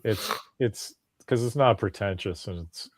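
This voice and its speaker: A man's voice: fairly low pitch, measured pace, dry recording. A man hosting a podcast in casual chat, telling stories with animation and acting out what people said. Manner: animated storyteller, acts out quoted voices. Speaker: podcast host.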